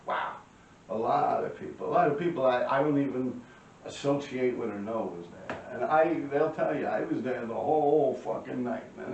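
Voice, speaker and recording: Gravelly New man telling a story. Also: mid-range voice, slight background noise. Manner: profane, animated, clears throat often. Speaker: graffiti writer telling a story. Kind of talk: casual storytelling monologue. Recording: roomy, distant, dull lo-fi mic.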